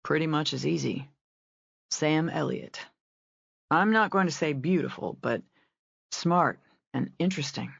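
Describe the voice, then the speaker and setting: A woman doing a low, easygoing ranch man. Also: a little slow, vocal fry, pauses often, slightly rough, no echo, muffled recording, full character voice. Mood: relaxed. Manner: relaxed, understated, low.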